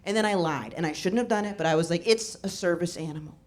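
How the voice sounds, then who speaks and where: A woman comedian performing a stand-up set, telling stories in a deadpan way and acting out the people in them. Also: fairly low pitch, fast. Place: comedy show before a laughing audience. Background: audience laughter.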